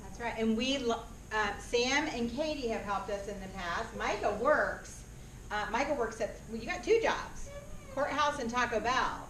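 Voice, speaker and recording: A woman speaks to a classroom of children, animated and full of questions for them. Her voice sits on the high side. It is picked up from some distance in an echoey school room with faint ambience. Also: normal speed, slight background noise. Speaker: school presenter.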